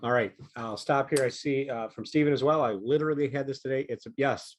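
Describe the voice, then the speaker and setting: A man's voice: medium pitch, brisk, slight background noise. Man, trainer, casual, chatty, video call. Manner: casual, conversational, many fillers. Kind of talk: online training session.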